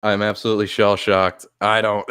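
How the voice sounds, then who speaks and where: A man's voice: lowish voice, flat delivery, normal speed, fairly bright tone, smooth. A man hosting a casual sports live stream, overwhelmed and near tears, laughing often and swearing as he thanks viewers. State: overwhelmed, shaky, close to tears.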